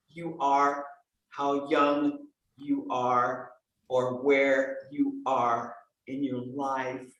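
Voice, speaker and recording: A woman voice coach in conversation on a podcast, emphatic and animated, swinging between bright exclamations and soft earnest asides. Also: low-pitched. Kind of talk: enthusiastic conversational podcast talk. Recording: very echoey room.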